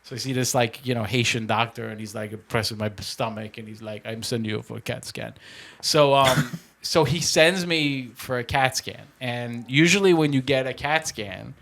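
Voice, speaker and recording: A man casually telling a story on a podcast, animated and profane, laughing often. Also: mid-range voice, moderate pace. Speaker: podcast co-host.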